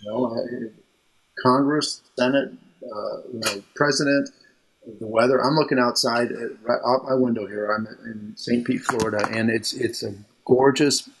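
Husky-voiced male counselor, rambling talk. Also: mid-range voice, fairly even intonation, normal speed, a bit bright. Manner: rambling, restarts sentences, many fillers. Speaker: mental health counselor and guest. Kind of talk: casual interview conversation. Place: home room by a window.

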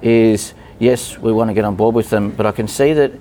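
A man's voice: on the low side, steady tone, fairly quick, warm tone, slight background noise. A man speaking as a podcast guest in casual conversation, hesitant, with many fillers and restarts.

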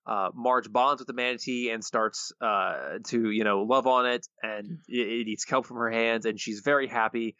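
A man's voice: medium pitch, fairly even intonation, moderate pace, hardly any pauses, bright, forceful tone, dry recording, muffled recording. A man co-hosting a podcast, recapping an episode casually with dry sarcasm. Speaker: podcast co-host. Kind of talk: casual episode review chat.

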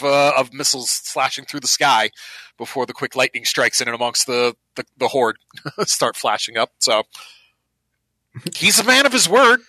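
A man's voice: mid-range voice, sharp tone, dry recording. A man running a tabletop game as game master, narrating and laughing, with casual swearing.

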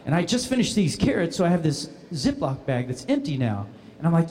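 A man telling a funny personal anecdote, animated and often laughing as he speaks. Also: fairly high pitch, quick pace. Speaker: guest storyteller. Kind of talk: comic anecdote.

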